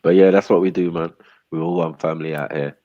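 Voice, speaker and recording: A man's voice: deep voice, steady tone, fast talker, no echo, dull audio. A man hosting a livestream, talking in a laid-back, slangy drawl. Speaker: livestream host. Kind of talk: casual chat.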